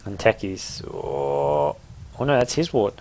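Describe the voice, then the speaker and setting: A young man with an English accent giving live, joking play-by-play commentary on a video game, his pitch jumping up at big moments. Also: takes it slowly, a little hiss or hum. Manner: excitable, jokey play-by-play with sudden rises in pitch.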